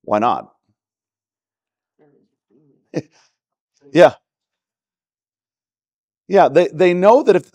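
A man's voice: mid-range voice, darkish tone, no echo. A man with a Texan accent teaching a church Bible study in a conversational way, often checking in with "right?". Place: church classroom.

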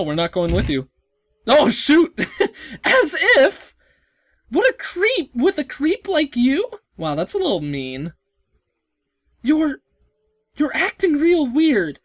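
An excitable woman plays through a game and reads its dialogue aloud, stammering, yelping and gasping as she goes. Her voice sits a little high and she talks slowly, drawing her words out. The sound is dry and close, with no room echo. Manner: excitable, yelps and gasps, swears, frequent stammering. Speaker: let's play host. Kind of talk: let's play commentary with read-out game dialogue.

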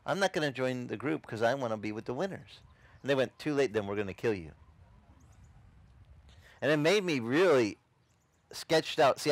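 Storytelling pastor, dry close sound. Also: male voice, mid-range voice, no echo. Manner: dramatic storytelling, acts out scenes. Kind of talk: testimony sermon. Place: outdoor beach service.

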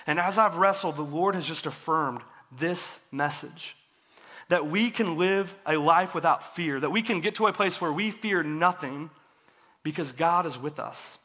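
A man preaching a sermon in a church, earnest and confessional, letting his phrases fall soft and low at the ends. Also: moderate pace. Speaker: pastor. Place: church worship center.

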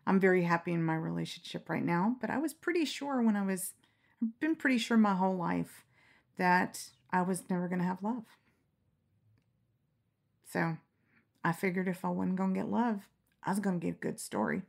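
A middle-aged woman telling candid stories in a relaxed interview, frank and quick to laugh, acting out the lines she quotes. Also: on the low side, gravelly. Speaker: storyteller guest. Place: lying down in a quiet room.

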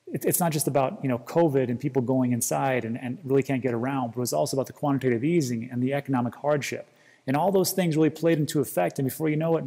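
A man's voice: medium pitch, mellow, big-room sound. A man hosting a casual crypto commentary, rambling and restarting often as he reads quotes aloud. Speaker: crypto video host.

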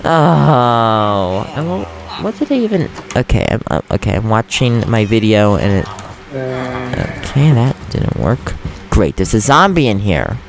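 A young man casually commenting on his Minecraft game, excitable and quick to rant when annoyed. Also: medium pitch, gravelly. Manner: excitable, swings from calm chatter to loud frustrated rants. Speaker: gaming host.

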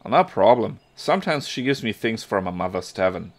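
A man's voice: on the low side, very animated, brisk. A man voicing a friendly, grateful medieval villager.

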